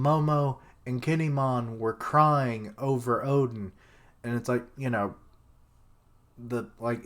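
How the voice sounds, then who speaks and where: A young man streams a live reaction to a new manga chapter, thinking out loud in a loose, rambling way. He speaks at an unhurried pace, with plenty of "um" and "like" fillers and an occasional sudden outburst. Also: fairly high pitch. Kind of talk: live reaction, casual commentary.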